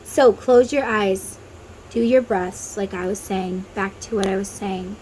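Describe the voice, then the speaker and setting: A woman's voice: mid-range voice, unhurried, darkish tone, slight background noise, rough recording. A woman who reads tarot, talking casually to viewers and guiding them through an inner-child meditation, with chatty tangents. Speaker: tarot reader.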